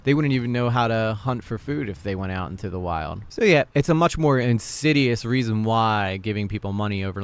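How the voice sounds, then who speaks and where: A man's voice: on the low side, smooth. A man hosting a reaction video, commenting casually with sarcastic jokes and asides.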